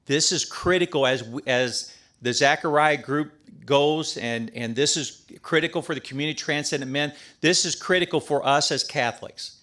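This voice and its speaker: A man's voice: a little high, normal speed, hardly any pauses, pushed and bright. A middle-aged man speaking as a priest to a room of men, in a slightly raised voice. He is folksy and emphatic, with plenty of restarts and casual asides. His delivery is a conversational sermon rather than a formal homily. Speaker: priest giving a talk.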